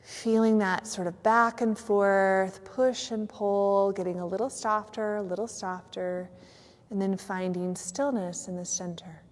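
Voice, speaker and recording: A woman yoga teacher gently and slowly guiding a yoga nidra relaxation in a studio, with a few fillers. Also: mid-range voice, fairly even intonation, in a large hall. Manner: soft, slow, soothing guidance with some fillers. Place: yoga studio on a cold evening.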